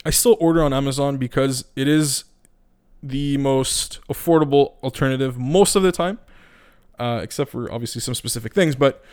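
A man's voice: medium pitch, normal speed, a little mellow, clear, resonant tone. A man podcasting into a microphone, ranting in a casual, profane, blunt and rambling way with many restarts.

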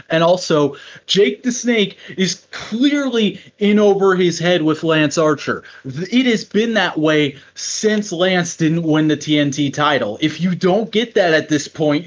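A man co-hosting a podcast in casual chat, excitable and swearing freely. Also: on the high side, lo-fi sound. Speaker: podcast co-host.

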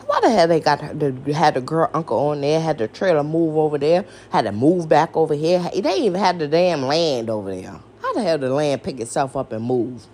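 A woman's voice: deep voice, lively intonation, brisk, few pauses, darkish tone, a little hiss or hum. A woman hosting a podcast, ranting in a casual, exasperated, profane way and firing off rhetorical questions. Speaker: podcast host. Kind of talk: casual rant.

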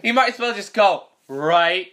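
Male podcast co-host, a little high-pitched, profane and sarcastic. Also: lively intonation, fairly quick, sharp tone. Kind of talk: casual movie-review banter.

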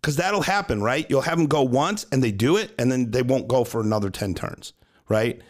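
A man's voice: mid-range voice, fairly quick. A man who coaches gymnastics, explaining his method in casual talk, asking and answering his own questions and often adding "right?". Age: adult with a young daughter. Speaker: gymnastics coach, podcast co-host.

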